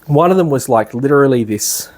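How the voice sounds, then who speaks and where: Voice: mid-range voice, animated, a little fast, a little mellow. A speaker, telling a rambling story to a class in a casual way, laughing often and using a lot of fillers. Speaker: class presenter.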